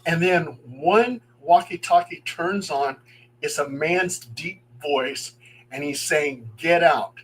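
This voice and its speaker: A middle-aged man, a paranormal investigator, telling true ghost stories in an animated way, acting out the voices he quotes. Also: fairly high pitch, slow, slightly rough, poor audio. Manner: animated, acts out quoted voices, chuckles as he talks. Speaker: paranormal investigator and guest storyteller.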